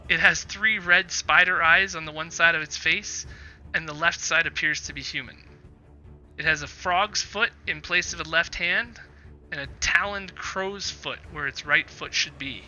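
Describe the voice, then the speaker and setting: Game master, male, crisp bright tone, slightly high, halting and descriptive. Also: lo-fi sound. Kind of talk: narrating a tabletop game.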